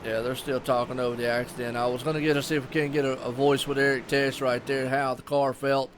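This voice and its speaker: A man's voice: medium pitch, level tone, fast, noisy background. A man with a Southern US accent giving casual, rambling live commentary on a sim race and chatting with viewers.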